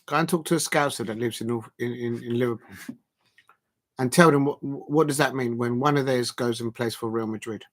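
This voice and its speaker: A man hosting a live football watch-along, talking haltingly with fillers and breaking into loud emphatic outbursts at the action. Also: medium pitch. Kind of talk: live match reaction commentary.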